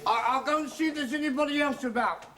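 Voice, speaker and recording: An actor playing a flustered little caretaker who stammers defensively in a 1970s TV sitcom. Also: male voice, very high-pitched, fast talker, fairly bright tone. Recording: noisy old TV broadcast.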